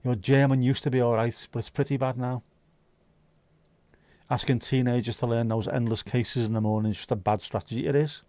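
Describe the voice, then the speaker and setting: A man in the middle of his range hosts a relaxed livestream, bantering and teasing the people watching. His voice sits close and dry, with no room sound around it. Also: medium pitch, a little fast, no echo. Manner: joking, teasing, chatty banter. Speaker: livestream host. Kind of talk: casual chat with viewers.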